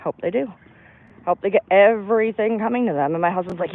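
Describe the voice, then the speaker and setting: A woman's voice: mid-range voice, fast talker. A woman on a livestream, venting bluntly and emphatically and swearing freely as she talks. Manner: blunt, profane, emphatic ranting. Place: outdoors in a park. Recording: tinny phone-like, dry sound.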